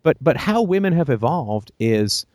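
Guy hosting a call-in show, swings his pitch all over, blunt and sweary, dry close sound. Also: very animated, moderate pace, a little mellow, dry recording. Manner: emphatic, blunt and profane, with jokey asides. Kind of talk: call-in advice talk.

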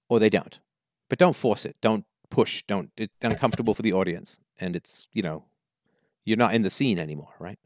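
A man's voice: on the low side, fairly quick, no room sound, studio quality. A man hosting a call-in show, giving advice and telling stories while acting out the quoted voices. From Canada. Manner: animated storyteller, acts out quoted voices. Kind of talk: advice talk to a caller.

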